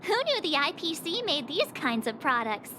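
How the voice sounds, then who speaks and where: A young woman voicing an upbeat, curious adventurer in a video game, reacting with bubbly excitement. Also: sits high, moderate pace, noisy background.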